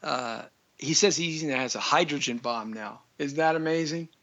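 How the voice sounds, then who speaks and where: A man's voice: on the high side, normal speed, a bit bright, dull audio. A man hosting a live talk show, ranting in a frustrated monologue.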